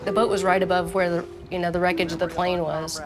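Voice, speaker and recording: A woman's voice: fairly low pitch, quick pace, loud music behind the voice. A mother in an interview, telling a family story casually and acting out quotes. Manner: animated retelling with acted quotes.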